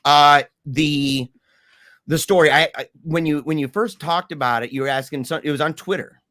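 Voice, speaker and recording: A man guest telling a story in casual talk, animated, with many restarts and fillers. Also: on the high side, normal speed, dry recording, clean studio sound.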